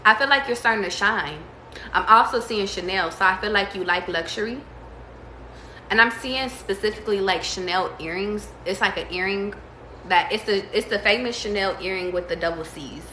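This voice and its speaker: A woman giving a casual tarot reading, slangy and profane, breaking into excited squeals. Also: medium pitch, moderate pace, echoey room, slight background noise, rough recording. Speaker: tarot reader.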